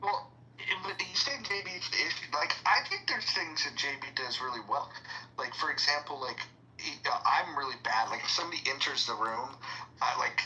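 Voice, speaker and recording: Halting, rambling man hosting a chat room. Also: medium pitch, expressive, bright, forceful tone, poor audio. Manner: halting, rambling, many "like" fillers and restarts. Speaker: host of an online debate room. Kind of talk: casual chat.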